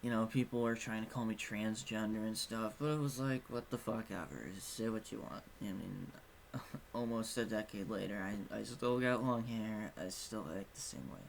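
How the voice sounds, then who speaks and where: A man's voice: on the low side, normal speed, vocal fry, a little hiss or hum. A young man telling a personal story in a casual vlog, rambling and frank, swearing now and then. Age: young adult. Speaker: vlogger.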